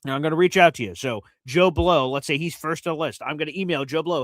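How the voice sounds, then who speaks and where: A man's voice: a little high, fast talker, few pauses, a bit bright, no echo. A man hosting a live fan show in casual talk, chatty and enthusiastic, explaining things step by step. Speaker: host of a fan radio show.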